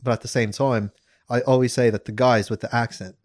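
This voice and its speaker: A man's voice: mid-range voice, steady tone, a little fast. A young man co-hosting a podcast, telling a story in casual chat and laughing often. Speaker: podcast co-host.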